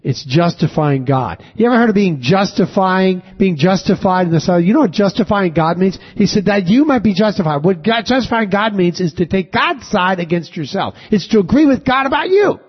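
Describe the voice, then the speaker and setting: A man with a high-pitched voice preaches a sermon, reading scripture aloud and pausing to quiz the congregation with questions. His delivery swells with emphasis on key words. The recording sounds a little dull and lo-fi. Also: expressive, husky. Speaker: pastor. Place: church sanctuary with congregation.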